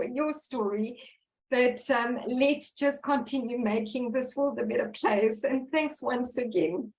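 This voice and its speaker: A woman's voice: fairly high pitch, a little slow, a little mellow, reverberant, low-quality recording. A woman born in Italy and raised in South Africa, giving an earnest, emotional speech at a book launch and apologizing with laughs. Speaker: book co-author speaker.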